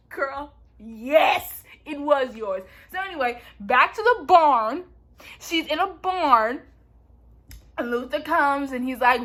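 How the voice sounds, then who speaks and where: A woman's voice: sits high, lively intonation, takes it slowly, pauses often, a bit bright. A young woman vlogger recapping a TV show in a playful, chatty way, saying "like" constantly. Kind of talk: casual TV recap chat.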